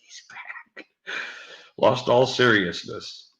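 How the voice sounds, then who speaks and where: A man's voice: medium pitch, animated, unhurried, sharp tone, roomy sound, lo-fi sound. A man chatting casually on a live stream, rambling, laughing often and swearing freely.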